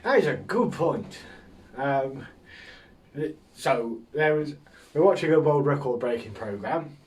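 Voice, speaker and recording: A man's voice: medium pitch, expressive, unhurried, recorded from a distance. A man hosting a casual solo podcast, rambling through jokes with a self-mocking humour and frequent chuckles. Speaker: podcast host.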